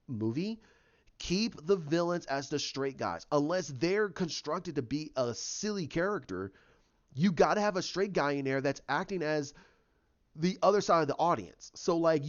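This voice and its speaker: A man giving his opinions in a casual vlog, ranting in an opinionated way. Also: on the high side. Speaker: YouTuber. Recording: dull lo-fi recording.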